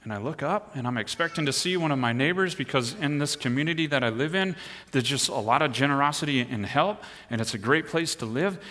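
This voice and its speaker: A middle-aged man preaching a sermon, telling a personal story in an animated way and pushing harder at the exciting moments. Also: medium pitch, fairly quick, in a large hall. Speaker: pastor.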